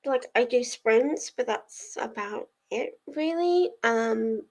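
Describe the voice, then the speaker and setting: A young livestream host of reading sprints chats easily with viewers, laughing often and growing teary at times. The recording is rough, and her slightly high, darkish voice moves slowly with lively intonation.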